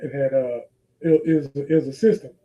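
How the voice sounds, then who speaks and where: A man's voice: medium pitch, steady tone, brisk, warm tone. A man co-hosting a podcast in casual chat, emphatic as he explains his points. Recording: dull lo-fi mic.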